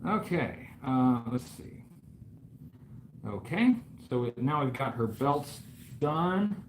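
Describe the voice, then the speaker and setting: Rough and carrying a faint hiss or hum, the recording captures a man of medium pitch with a sing-song lilt who speaks slowly. The toy review channel host draws on a live stream while chatting casually, joking with mock-grand boasts and rambling full of fillers.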